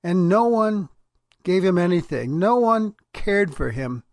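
A pastor speaking a devotional in a plain, confessional way. His voice sits high, and the recording is close and dry with no room sound. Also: big pitch swings, measured pace, a little mellow, no echo. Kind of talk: devotional sermon talk.

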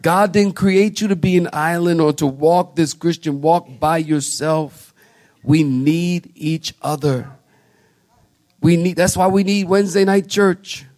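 A man's voice: high-pitched, normal speed. A male pastor preaching a sermon in a church, acting out little quotes as he tells stories. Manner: animated storytelling preacher, acts out quotes. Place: church sanctuary.

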